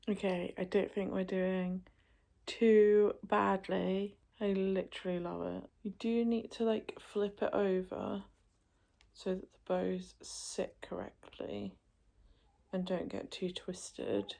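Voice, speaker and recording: A woman's voice: medium pitch, slow, vocal fry, mellow. A young mother chatting casually to camera in a home vlog, thinking aloud and talking to her baby in a sing-song voice.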